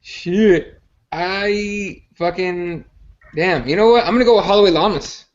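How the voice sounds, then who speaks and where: A man's voice: high voice, measured pace, muffled recording. A man hosting a casual podcast about fighting. He rambles and swears, stumbling over restarts. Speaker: podcast host. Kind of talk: casual MMA chat.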